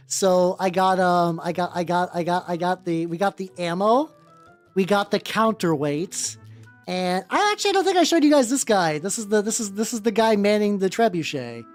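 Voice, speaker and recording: A man with a high-pitched voice chatting casually with viewers as he paints miniatures. He rambles, with plenty of fillers, restarts and casual swearing. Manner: chats with viewers while working. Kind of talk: casual livestream chat while painting. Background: faint background music.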